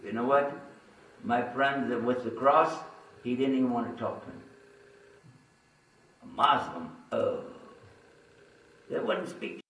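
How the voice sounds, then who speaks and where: This religious speaker from Texas tells an audience his own story in a chatty manner with many asides. He speaks slowly with long pauses, in a medium-pitched, slightly bright voice with lively intonation, and the sound is roomy from a distant mic.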